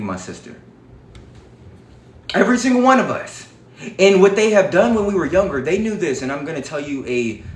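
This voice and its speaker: A man's voice: mid-range voice, echoey room, slight background noise. A man giving an impassioned livestream lecture, talking to his viewers in an emphatic, profane and repetitive way. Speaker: livestream speaker on history.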